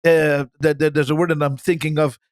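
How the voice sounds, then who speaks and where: A man's voice: fairly high pitch, little pitch movement, brisk, dry recording. A man, a rabbi, talking animatedly in a casual Bible discussion and often repeating words as he searches for the next one.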